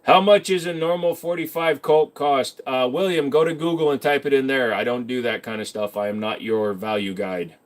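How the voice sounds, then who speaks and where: Hosting a casual livestream, a man reads out chat questions and answers them with loose, self-mocking jokes and detailed know-how. He clearly knows handguns and explains them thoroughly, speaking at a moderate pace in a medium-pitched voice with hardly any pauses.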